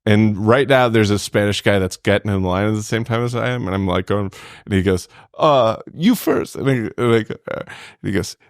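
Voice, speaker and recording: A man with a low voice tells a long, meandering story on a podcast, leaning on filler words as he goes. The sound is close and completely dry, with no room around it. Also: fairly even intonation, brisk, smooth, no echo. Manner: rambling storytelling full of "like" fillers. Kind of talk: casual podcast chat.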